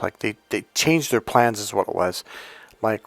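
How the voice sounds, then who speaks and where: A man's voice: fairly low pitch, expressive, normal speed, gravelly, dry recording, faint music behind. Rambling man giving a motivational talk. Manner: rambling, searching for words, many restarts. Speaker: life coach. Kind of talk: unscripted motivational talk to camera.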